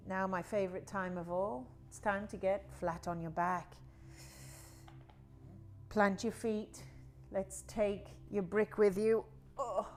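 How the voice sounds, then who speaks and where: A woman teaching a guided yoga class, talking in a slow, soothing, drawn-out way. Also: medium pitch, fairly even intonation, a little mellow, soft background music. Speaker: yoga instructor.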